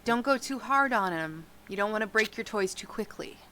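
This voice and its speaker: A woman's voice: medium pitch, expressive, moderate pace, sharp tone, slight background noise. A woman voicing her sly, teasing female adventurer in a plain, dry, suggestive voice.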